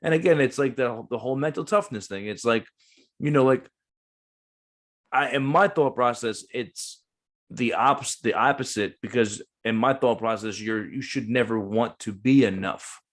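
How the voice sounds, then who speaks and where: A man hosting a podcast who asks his guest questions and reasons through his own opinions out loud. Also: medium pitch, normal speed. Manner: thinks out loud, lots of "like" fillers. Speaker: podcast host. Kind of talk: casual conversational interview.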